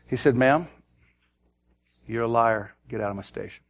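A man preaching a sermon, telling a quiet personal story and then rising into loud, urgent exhortation, often repeating words as he starts a thought. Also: mid-range voice, moderate pace. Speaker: pastor.

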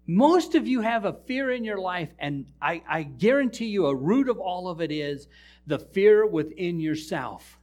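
A man's high-pitched voice moves a little slowly as he preaches a church sermon. This pastor tells lively, funny stories and jokes around with his congregation.

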